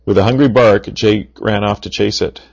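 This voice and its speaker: A man reading a children's story aloud, with playful deadpan asides. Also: on the low side, normal speed, creaky, breathy edge. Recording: dull lo-fi recording.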